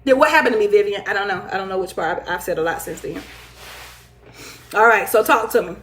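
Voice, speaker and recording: A woman hosting a casual live talk show, reading viewer comments aloud, playful and animated, often laughing and teasing. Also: medium pitch, quick pace, slight background noise. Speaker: livestream talk show host. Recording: echoey room.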